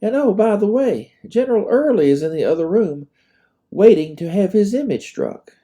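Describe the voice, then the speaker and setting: Modest wartime nurse woman, voiced by a man, pitched high, soft-toned; storybook. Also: big pitch swings, normal speed. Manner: modest and warm.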